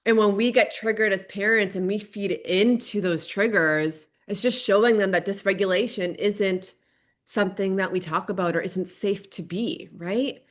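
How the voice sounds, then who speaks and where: A woman hosting a parenting podcast solo, earnest and repetitive, often checking in with "right?". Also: medium pitch. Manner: earnest, repeats key points, frequent "right?".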